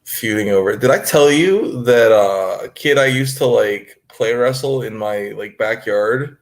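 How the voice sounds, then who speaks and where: A man co-hosting a podcast, chatting about wrestling in a relaxed, hedging way with lots of fillers. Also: medium pitch, a little slow. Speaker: podcast co-host. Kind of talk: casual wrestling chat.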